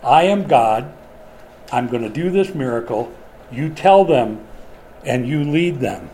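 A man's voice: mid-range voice, expressive, takes it slowly, slight background noise. An older preacher acting out an all-powerful male god giving firm, emphatic orders to his messenger. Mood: commanding. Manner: emphatic, forceful. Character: commanding all-powerful male deity, confident and insistent.

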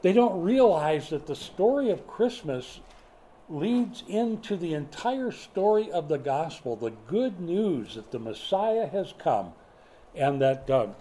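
An older male pastor delivers a sermon in a relaxed, storytelling manner, slipping into little acted-out quotes as he goes. His voice is warm and mellow, sitting a bit high for a man. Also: slow pace, slight background noise.

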